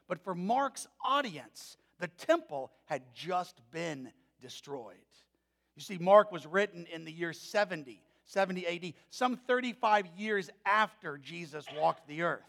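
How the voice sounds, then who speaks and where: A man's voice: high-pitched, expressive, measured pace, creaky, a bit bright, long reverb tail. A man in his forties, a pastor preaching a sermon in a church with folksy, conversational storytelling. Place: church sanctuary.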